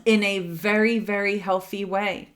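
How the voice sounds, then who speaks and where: A woman's voice: medium pitch, unhurried. Chatty woman giving a tarot reading. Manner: chatty and animated, many fillers, acts out quotes. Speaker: tarot reader. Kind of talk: casual spoken tarot reading.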